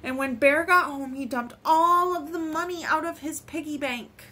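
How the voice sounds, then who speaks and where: High-voiced woman reading a picture book. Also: moderate pace. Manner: expressive, lilting. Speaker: storytime reader. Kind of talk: reading picture books aloud.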